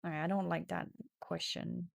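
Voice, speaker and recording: A woman's voice: fairly low pitch, flat delivery, normal speed, gravelly, no room sound, studio quality. A woman streaming a text adventure game, reading the story aloud with casual swearing and sudden drops into whispers.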